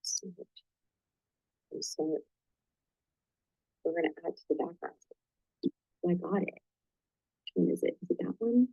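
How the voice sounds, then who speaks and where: A woman hosting a live online business training, chatty and excitable, talking to viewers and muttering to herself while she fixes her slides. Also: fairly low pitch, measured pace, creaky, pauses often, breathy edge, rough recording. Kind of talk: casual live-stream coaching.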